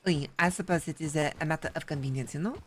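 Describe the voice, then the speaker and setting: A woman's voice: low-pitched, quick pace, slight background noise, close to an everyday voice. A woman playing a prim French busybody artist. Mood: fretful. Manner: prim, formal speech without contractions, gossipy complaining. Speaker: roleplay character. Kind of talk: in-character roleplay chat.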